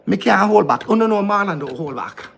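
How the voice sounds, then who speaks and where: A man's voice: high voice, animated, brisk, gravelly, noisy background. A man with a Jamaican accent, speaking to camera in a frustrated, ranting vlog, repeating himself as he talks indoors. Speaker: vlogger. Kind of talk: heated monologue to camera. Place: indoor room.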